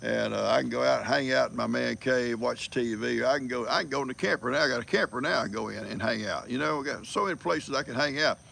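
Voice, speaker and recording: An older man with a deeply gravelly, crackling voice holds forth in a rambling, folksy livestream chat. His tone is bright and forceful, and he tells his stories with easy chuckles. Faint noise sits under his voice. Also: fast, hardly any pauses. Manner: folksy storyteller, chuckles often. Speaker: livestream host.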